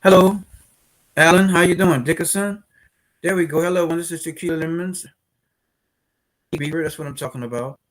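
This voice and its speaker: A man's voice: on the high side, normal speed, long pauses, fairly bright tone. Chatty New Orleans man hosting a livestream. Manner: chatty, addresses viewers in the chat directly. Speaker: host of a business credit livestream. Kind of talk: casual livestream presentation.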